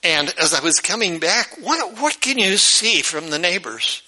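A man's voice: high voice, animated, a little slow, pushed and bright, exaggerated voice. A man voicing a kind, patient older grandmother in a spoken story. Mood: tender.

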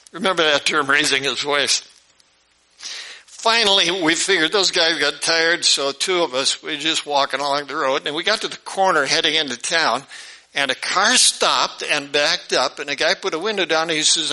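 A man's voice: fairly high pitch, sharp tone, rough recording. A male pastor telling personal stories in a folksy, storytelling sermon, chuckling and acting out quoted voices.

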